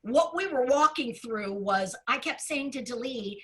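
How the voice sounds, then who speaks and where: A Broadway performer telling an animated story with a lot of expression, acting out the voices of the people in it. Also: female voice, high-pitched, unhurried, hardly any pauses, low-quality recording. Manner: expressive storyteller who acts out quoted voices, often laughing.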